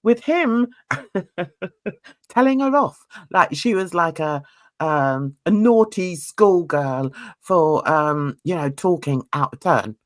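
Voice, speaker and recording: A woman's voice: sits low, animated, takes it slowly. A woman reviewing a reality TV show in casual commentary. She sounds gossipy and blunt, laughs often, and uses cheeky slang.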